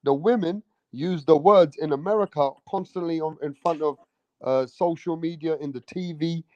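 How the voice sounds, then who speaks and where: A man interviewing in a relaxed, conversational way and asking leading questions. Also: on the high side, normal speed, dry recording. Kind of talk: casual interview talk. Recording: dry, dull lo-fi sound.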